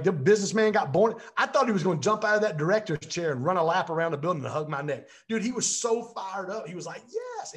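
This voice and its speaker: A man's voice: on the high side, fairly bright tone. A man, a real estate business coach, telling his story as an interview guest in an intense, emphatic way and repeating phrases for weight.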